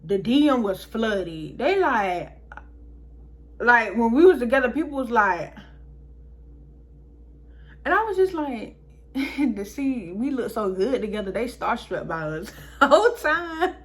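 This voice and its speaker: A woman's voice: a little high, very animated, slow, long pauses. A young woman vlogger telling a story in a casual, chatty way, talking straight to her viewers.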